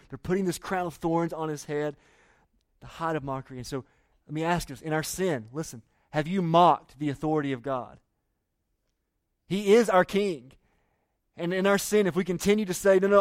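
A man's voice: fairly high pitch, no room sound. A man preaching a sermon, reading scripture and asking the listeners earnest questions. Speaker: pastor.

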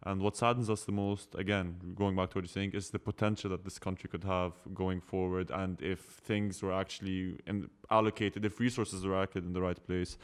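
A man hosting a podcast, speaking in a reflective, measured way. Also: low-pitched, little pitch movement, smooth. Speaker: podcast host. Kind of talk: casual conversation.

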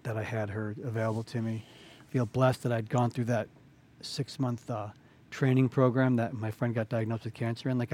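A man hosting a casual podcast, speaking in a soft, reflective way before turning to ask a question. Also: medium pitch.

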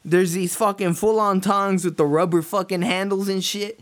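High-voiced crude young guy. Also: steady tone, moderate pace. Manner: crude, blunt, swearing constantly. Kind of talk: casual chat.

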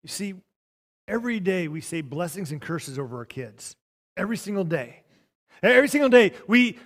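A man with a notably high voice preaches a sermon. He leans into phrases and repeats them for emphasis, then quiets down when he quotes scripture. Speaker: pastor.

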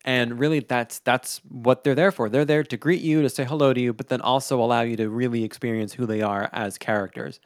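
Animated man in casual podcast chat. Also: fairly quick, hardly any pauses, dry recording, clean studio sound. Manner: animated, laughs often, quotes himself in a higher voice. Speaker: podcast co-host.

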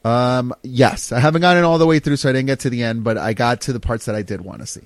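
A man co-hosting a casual wrestling chat, excitable and animated, quick to laugh. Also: medium pitch, no room sound. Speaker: podcast co-host.

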